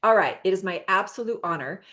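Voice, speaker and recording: A woman's voice: mid-range voice, expressive, fairly quick, fairly bright tone. An American woman hosting a product presentation on a video call, chatty and upbeat, with many fillers and restarts. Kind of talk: enthusiastic product pitch.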